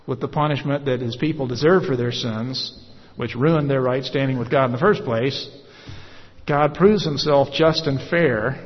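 A man preaching a verse-by-verse sermon, measured and explanatory with many "uh" pauses. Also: mid-range voice. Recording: echoey hall, dull lo-fi sound.

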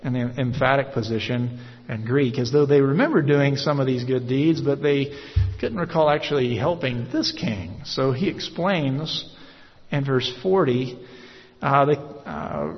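A man preaching a verse-by-verse sermon, measured and explanatory with many "uh" pauses. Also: mid-range voice. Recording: echoey hall, dull lo-fi sound.

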